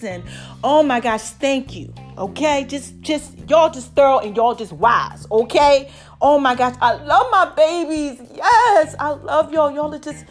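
A woman hosting her own podcast, talking casually and excitedly to her listeners, laughing often. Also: fairly high pitch. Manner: hyped, expressive, laughs often. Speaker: podcast host.

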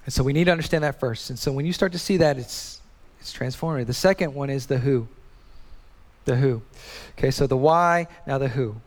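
A man's voice: mid-range voice, brisk. A man preaching a sermon as pastor, emphatic, repeating key phrases and asking rhetorical questions, in a church sanctuary. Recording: long hall reverb.

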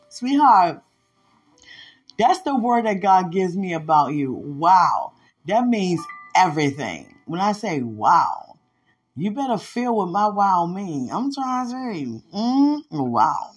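A woman's voice: fairly low pitch, big pitch swings, slightly rough, soft background music. A woman hosting a podcast, talking playfully and affectionately, often laughing and breaking into prayer. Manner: playful, laughing, drawn-out exclamations. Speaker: podcast host. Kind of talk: affectionate casual monologue with prayer.

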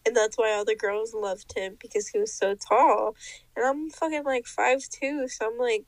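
Gravelly young woman telling a wild story. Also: on the high side, moderate pace, no echo, low-quality recording. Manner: animated, laughing, mimics people in her stories. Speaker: podcast co-host. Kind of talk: casual storytelling chat.

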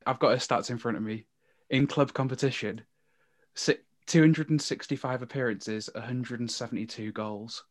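A man on a casual football podcast, mid-pitched, telling stories with animated energy. He often restarts his sentences as he goes. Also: normal speed. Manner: animated storyteller, stumbles over restarts. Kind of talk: casual chat about football.

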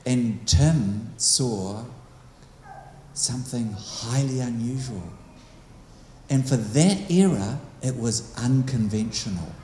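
A man's voice: mid-range voice, expressive, slow pace, mellow. A man spins stories for a group in a chatty, meandering way, stopping for asides and questions to the listeners. His mid-range voice rings out across a large hall with a long reverb tail. A faint hum of background noise sits beneath him. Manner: rambling, conversational, many asides. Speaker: speaker. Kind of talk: storytelling talk to a group.

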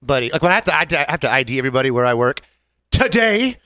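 A man's voice: mid-range voice, dry recording. A man chatting casually on a podcast, telling stories and acting out customers. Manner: fast-talking, animated storyteller, acts out customers. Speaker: podcast co-host; restaurant server. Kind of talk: casual chat.

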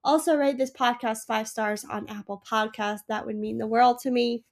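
A woman's voice: fairly high pitch, fairly even intonation, normal speed, a little mellow. A sick young woman hosting her own podcast, gushing and emotional in a rambling casual chat. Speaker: podcast host.

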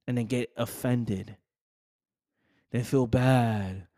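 A man's voice: mid-range voice, steady tone, slow pace, mellow, dry recording, clean studio sound. Passionate motivational podcast man. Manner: passionate, repetitive, slangy. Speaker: podcast host. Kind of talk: motivational monologue.

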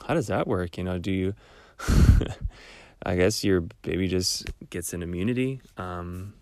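A young man with a cold, hosting a casual solo podcast in a rambling, relaxed way with small laughs. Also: sits low, unhurried, no room sound. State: stuffed-up cold voice. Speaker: podcast host.

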